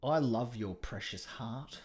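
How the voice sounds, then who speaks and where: A man in his fifties co-hosting a comedy podcast, chatting unscripted with playful deadpan asides. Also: mid-range voice, slow. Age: 50s. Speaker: podcast co-host.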